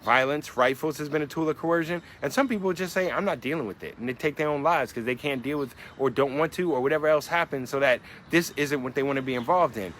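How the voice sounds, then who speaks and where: A man's voice: a little high, quick pace, few pauses, fairly bright tone, slight background noise. A man in his forties, a rapper explaining his lyrics in a reflective monologue, musing and asking many rhetorical questions. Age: 40s.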